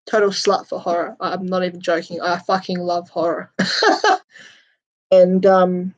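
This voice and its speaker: A woman's voice: mid-range voice, steady tone, moderate pace, darkish tone, lo-fi sound. A woman hosting a casual chat with viewers, talking in crude, sweary, giggly banter. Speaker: host chatting with viewers.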